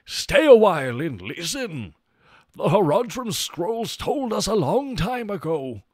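A man voicing an old male sage from a video game, slow and solemn. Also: high voice, very animated, no echo, clean studio sound, voice pushed up, heavily acted.

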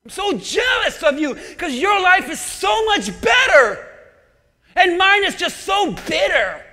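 A man voicing a bitter, despairing old widow who wails loudly and pities herself, with a slow, deliberate delivery. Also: very high-pitched, sing-song, voice pushed up, full character voice. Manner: wailing, loud and self-pitying. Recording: long church hall reverb.

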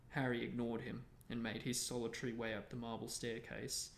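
Male reader, creaky tone, echoey room sound. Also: mid-range voice, brisk. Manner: steady storytelling. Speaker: reader and show host. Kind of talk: reading a novel aloud. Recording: roomy echo.

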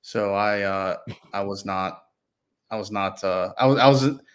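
Low-voiced sports reporter. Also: male voice, unhurried. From Spartanburg County, South Carolina. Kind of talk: casual sports talk.

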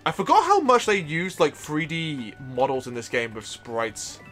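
A man's voice: on the high side, huge pitch swings, moderate pace, fairly bright tone, faint music behind. A young man live-streaming a video game, joking, swearing casually and laughing often. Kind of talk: live-streamed let's play.

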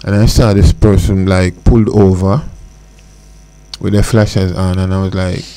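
A man's voice: sits low, level tone, unhurried, mellow, smooth. A man with a Jamaican accent, a guest on a radio show, telling a story in casual talk and laughing as he goes. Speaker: studio guest. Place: radio studio. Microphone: studio mic.

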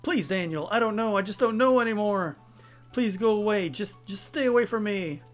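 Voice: mid-range voice, animated, brisk, a bit bright, soft background music. A let's-play player reading the lines of an anguished young female police officer aloud, in a pleading, distraught way. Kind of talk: reading game dialogue aloud.

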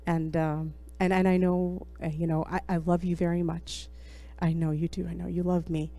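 A woman giving an emotional, laughing tribute to her pastor before a church congregation, halting now and then with fillers. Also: lowish voice, level tone, mellow, soft background music. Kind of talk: heartfelt testimony to a congregation. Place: church sanctuary.

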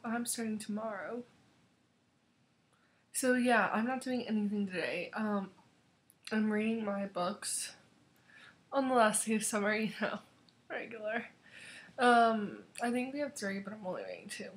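Chatty young woman with a high voice. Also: moderate pace. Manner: rambling and chatty, many fillers and self-corrections. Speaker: beauty vlogger. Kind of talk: casual makeup tutorial chat.

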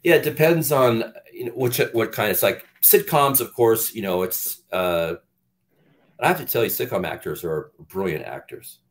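A man's voice: on the low side, lively intonation, moderate pace. A middle-aged man, an actor guest in an interview, telling candid stories in a rambling, casual way with lots of restarts.

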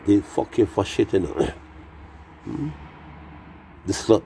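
A man's voice: lowish voice, lively intonation, slow, vocal fry, mellow, a little hiss or hum. A man rambling in a profane monologue that drifts into half-sung rhymes.

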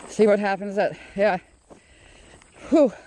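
A woman's voice: mid-range voice, slow, mellow, no echo. A woman from Canada chatting casually on a phone camera, out of breath from outdoor work. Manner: chatty, laughs often, talks to her cats in a sweet baby voice. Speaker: vlogger. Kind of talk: casual vlog chat. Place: outdoors at a rural woodpile, then indoors at home. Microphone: handheld phone camera.

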